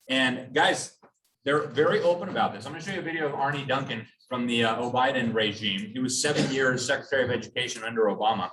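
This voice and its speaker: A man's voice: mid-range voice, fast, fairly bright tone, slight background noise. A man giving a public talk with slides to a live audience, emphatic and sarcastic in tone. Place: hall with an audience. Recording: echoey hall, from a distance.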